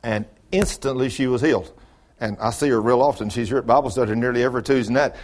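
A pastor delivers a sermon at a quick pace, telling it in a folksy storytelling way. His voice drops to low mutters, then rises to high exclamations.

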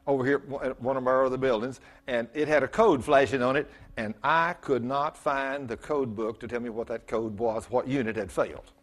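Male pastor, middle-aged, sermon, storytelling, self-mocking, loud emphatic bursts. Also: fairly high pitch.

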